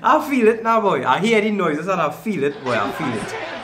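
A man hosting a reaction video, talking casually and excitedly, often repeating himself in slangy speech. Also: high voice, normal speed, echoey room. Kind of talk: casual commentary reacting to clips.

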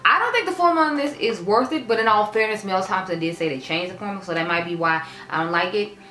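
Fast-talking woman reviewing makeup. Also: mid-range voice, bright, forceful tone, reverberant. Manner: frank, chatty, lots of fillers. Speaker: beauty vlogger. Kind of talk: casual product review.

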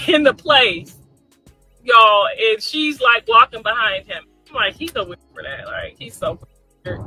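A middle-aged woman casually telling a family story, chatty and animated, talking straight to her listeners. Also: a little high, low-quality recording.

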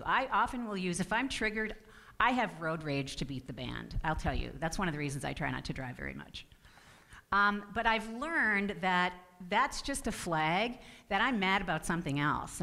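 Middle-aged woman, lowish voice, earnest spiritual talk, self-correcting. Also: a bit bright. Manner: earnest, personal, with restarts. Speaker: guest speaker.

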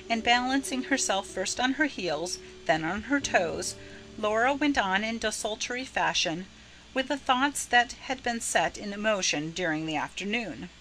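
A woman reading a novel chapter aloud in a measured, expressive narration. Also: medium pitch, poor audio. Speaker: audiobook narrator. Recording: narration with music underneath. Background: music.

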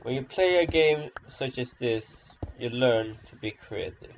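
A man's voice: medium pitch, expressive, a little slow, hardly any pauses, slight background noise. A man rambling through gameplay commentary, self-deprecating and sarcastic, in a dull lo-fi recording. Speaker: gamer.

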